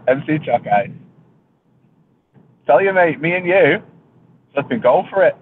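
A man's voice: fairly high pitch, animated, slow pace, slight background noise. Guy live streaming from his car, jokey and sweary, tinny phone line. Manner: joking, laughing, swears casually. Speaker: reefing channel host. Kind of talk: casual live-stream chat while driving. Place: car on the road.

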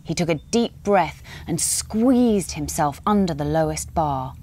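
A woman narrating a children's storytime, expressive and dramatic, dropping to a hush at tense moments. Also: low voice, measured pace.

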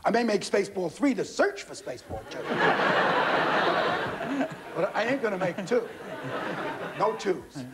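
A man in his sixties, a guest comedian on a TV talk show, telling stories with animated delivery and put-on voices. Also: high-pitched, measured pace, pauses often, very noisy. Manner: animated, shouting punchlines, mimicking voices. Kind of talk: comic storytelling on a talk show. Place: TV studio with audience.

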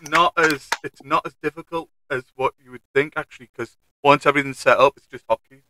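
A man's voice: fairly high pitch, fairly even intonation, fairly quick, sharp tone, slight background noise, low-quality recording. A man with a Northern English accent keeping score aloud in a casual chat among gamers, often trailing off. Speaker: stream host and scorekeeper.

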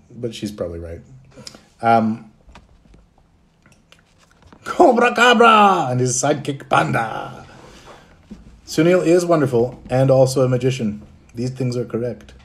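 A man's voice: mid-range voice, a little mellow. Easygoing man chatting on a livestream. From Canada. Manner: easygoing, chuckles often, reads chat aloud. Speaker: voice actor hosting a fan livestream. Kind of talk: casual livestream chat answering fan questions.

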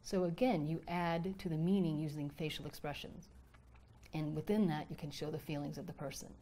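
A woman educator calmly explaining a reading strategy, step by step with examples. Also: low-pitched, a little hiss or hum. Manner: measured, explanatory, with acted example lines. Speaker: educator presenting a literacy strategy. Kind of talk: instructional explanation.

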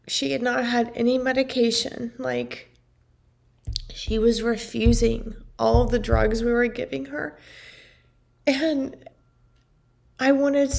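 A vlogger caring for family shares a personal story with her viewers in a fairly high, slightly mellow voice with vocal fry. Emotional and earnest, she fills her speech with "like" and "you know."

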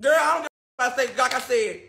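High-voiced man ranting in an echoey room. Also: fast talker, gravelly, slight background noise. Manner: loud, exasperated, profane, repeats himself. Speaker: vlogger. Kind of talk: ranting vlog.

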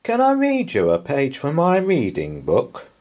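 A man's voice: a little high, huge pitch swings, unhurried, darkish tone, pitched above the performer's own voice. A man voicing a jealous young girl elephant from a picture book, with a pleading, complaining manner. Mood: whiny.

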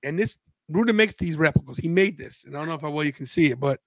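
A man hosting a wrestling watch-party podcast, telling stories in a loose, slangy, animated way. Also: on the high side, quick pace, dry recording. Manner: animated storyteller, quotes friends in a loose slangy way. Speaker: podcast host. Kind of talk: casual watch-party chat.

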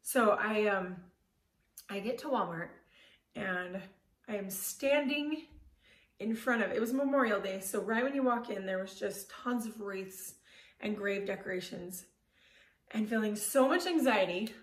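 A woman in her thirties giving a personal storytelling talk, candid and animated, with self-deprecating humor and casual fillers. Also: medium pitch, a little slow. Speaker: motivational speaker. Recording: roomy echo, voice from far off the mic.

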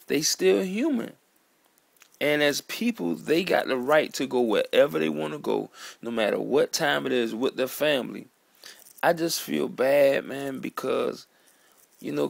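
A man in an earnest, halting vlog monologue, sitting at home at his computer. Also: mid-range voice, gravelly, fairly bright tone, no echo. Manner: earnest, halting, repeats words and calls listener "man". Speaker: vlogger. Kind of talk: emotional monologue to camera.

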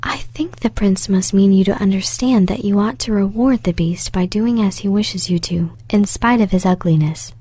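A woman voicing a thoughtful older father in a breathy whisper, as whispered role-play. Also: mid-range voice, normal speed, few pauses, dark tone, no echo, close to an everyday voice.

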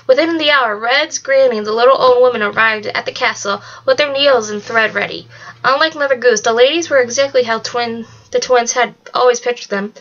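A woman's voice: fairly high pitch, a little fast, fairly bright tone. A woman reading a novel aloud in a plain way, with some stumbles. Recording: dull lo-fi recording.

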